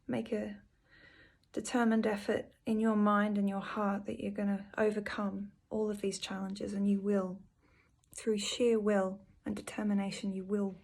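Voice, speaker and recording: Soft-spoken woman with an even, flat voice. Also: medium pitch, measured pace, gravelly. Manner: soft, earnest and emotional, with frequent fillers. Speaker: vlogger. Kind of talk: personal video update. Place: her home.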